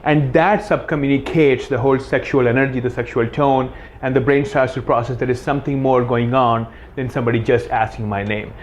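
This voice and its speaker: A man's voice: mid-range voice, fairly even intonation, a little fast, few pauses. A man coaching on dating, explaining confidently in an instructional talk. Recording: dull clip with faint background noise.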